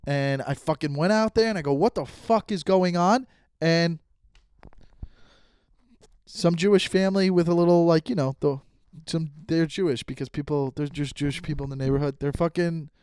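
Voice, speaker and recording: A man's voice: fairly high pitch, a little mellow, clean tone, no echo, studio quality. A young man hosting his own podcast from home, telling stories in a casual, profane, rambling way with lots of restarts and sudden outbursts. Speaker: comedian podcast host. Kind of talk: casual solo podcast storytelling.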